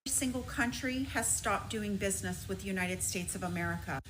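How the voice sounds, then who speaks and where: A woman's voice: medium pitch, quick pace, noisy background. A woman giving indignant political commentary, rattling off figures in a played clip.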